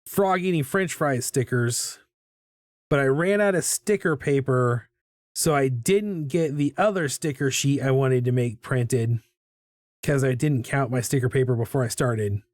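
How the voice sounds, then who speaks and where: A man's voice: mid-range voice, measured pace, darkish tone, dry recording, studio quality. A middle-aged man hosting a live drawing stream, chatting casually and rambling with self-mocking asides as he draws. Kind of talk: casual chat while drawing. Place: home art studio.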